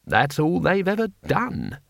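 A man voicing a mild, polite former teacher who talks calmly and drily. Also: a little high, measured pace, creaky, no room sound, full character voice. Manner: calm, dry and polite.

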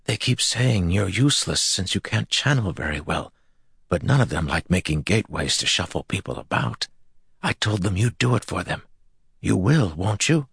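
A man's voice: deep voice, big pitch swings, normal speed, gravelly, fairly bright tone, breathy edge, no room sound, clean studio sound, voice pushed up, full character voice. A man voicing a frightened young man who has been turned to the shadow, talking in an anxious, pleading way in an audiobook. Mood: anxious eager. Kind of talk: audiobook character voice.

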